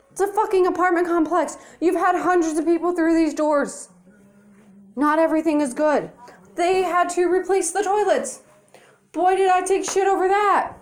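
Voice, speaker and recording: A young woman ranting to camera in her apartment, profane, blunt and exasperated, filming on a handheld phone. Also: very high voice. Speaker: vlogger. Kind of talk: angry rant to camera.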